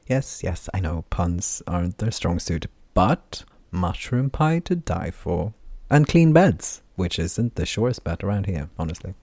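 A man's voice: low voice, very animated, measured pace, a little mellow, husky, dry recording, heavily acted. A man voicing a brash, teasing healer woman. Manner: breezy, sarcastic, talks with many fillers.

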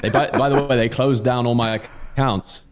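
A man's voice: medium pitch, steady tone, moderate pace. A man co-hosting a podcast, chatting casually and rambling with plenty of fillers. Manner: laid-back, rambling with fillers. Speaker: podcast co-host. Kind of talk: casual chat.

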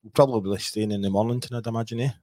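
Fast-talking Scottish man hosting. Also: on the low side, steady tone, dark tone, no room sound. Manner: jokey, chuckling, runs the show segments. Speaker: podcast host. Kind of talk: casual football chat.

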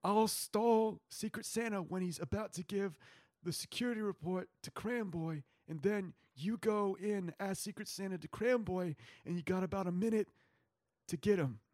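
A man's voice: sits high, moderate pace, no echo, clean studio sound. A man co-hosting an improvised role-play podcast, laying out a plan in a rambling, playful way. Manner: rambling, playful, plans out loud. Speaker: podcast co-host running the scene.

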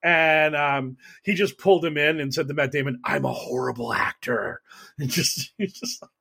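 A man co-hosting a podcast, telling stories in animated casual chat, laughing and swearing freely. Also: on the high side, moderate pace. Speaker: podcast co-host.

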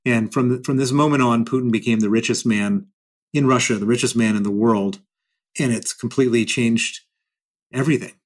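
Emphatic male guest, mid-pitched voice. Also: fairly even intonation, normal speed. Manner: emphatic and repetitive. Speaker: interview guest. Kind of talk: explanatory interview answers.

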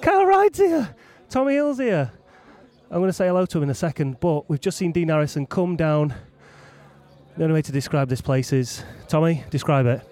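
A man hosting a podcast, chatting casually and giving excited, breathless commentary while climbing through gardens outdoors. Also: fairly high pitch, a little fast. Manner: excitable, chatty, swears freely. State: out of breath at times. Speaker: podcast host. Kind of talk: casual chat and roving live commentary. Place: outdoors among gardens beside a road race.

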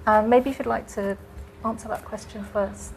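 A woman's voice: fairly high pitch, fairly even intonation, normal speed, creaky, a little hiss or hum. A woman moderating a panel discussion, thoughtful and a little hesitant, laughing easily. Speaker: event moderator.

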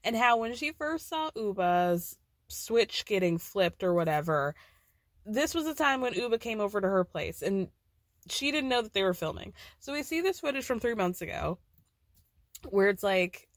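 A woman's voice: medium pitch, sing-song, moderate pace, no room sound, studio quality. A woman hosting a podcast who recaps reality TV in a chatty way, full of "like" and light laughs. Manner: chatty, peppered with "like" and giggles. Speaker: podcast host. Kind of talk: casual TV recap.

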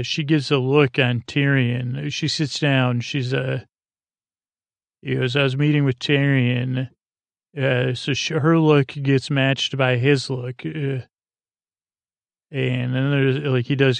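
Gravelly man rambling through a recap. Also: mid-range voice, no echo. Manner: rambling, filler-heavy retelling. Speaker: podcast host. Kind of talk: casual episode recap.

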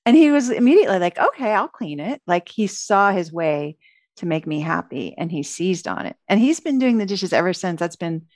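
A middle-aged woman, a relationship author, giving an interview and telling lively stories in which she acts out her own lines. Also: fairly low pitch, a little fast, dry recording, studio quality. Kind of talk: conversational interview storytelling.

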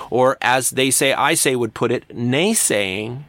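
A man's voice: medium pitch, measured pace, few pauses, no echo. A man teaching a university writing class in a recorded lecture, talking casually and acting out quoted voices. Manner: animated, acts out quoted voices. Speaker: university English instructor.

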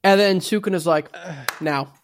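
A man's voice: sits high, unhurried, a little hiss or hum. A man hosting a podcast, retelling an anime episode in casual, profane chat and acting out the lines. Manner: profane, laughing retelling with acted quotes. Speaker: podcast host.

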